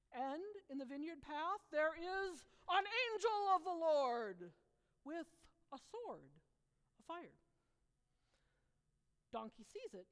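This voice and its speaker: A woman telling a Bible story in an animated, dramatic way with emphatic pauses, heard with long hall reverb. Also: very high voice.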